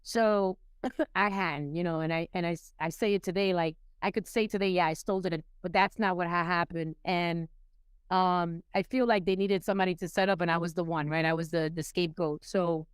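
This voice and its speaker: Speaking a little fast in a smooth, steady, lowish voice, this New York City woman opens up as a podcast guest about her recovery. Her emotional telling is full of restarts and repeated words. There's no echo.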